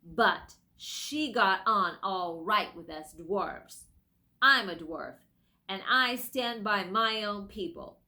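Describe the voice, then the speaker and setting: A woman's voice: medium pitch, lively intonation, sharp tone, exaggerated voice. A woman voicing a bitter, angry male dwarf who speaks coldly and snaps. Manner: cold, snapping, slow and heated.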